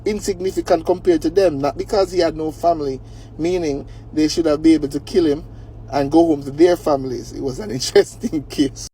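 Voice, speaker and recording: A man with a slightly high voice explains points of law in a measured way. He poses rhetorical questions, and faint noise sits underneath. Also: warm tone, low-quality recording. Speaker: legal explainer. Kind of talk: educational explainer.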